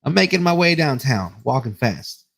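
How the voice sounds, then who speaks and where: A man's voice: mid-range voice, very animated, normal speed, gravelly, fairly bright tone. A man on a podcast telling a rambling, profane story in casual chat, laughing as he goes. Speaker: podcast co-host.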